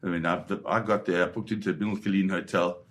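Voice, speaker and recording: An older man with a fairly low voice tells a tense story from his days as a war photographer. He speaks with vivid, halting restarts as a guest in an interview. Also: fairly even intonation.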